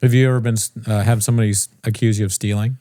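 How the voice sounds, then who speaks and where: A man's voice: on the low side, fairly even intonation, very fast, mellow, no echo, clean studio sound. A young man co-hosting a podcast, chatting casually with crude, rambling jokes. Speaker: podcast co-host. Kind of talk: casual comedic chat.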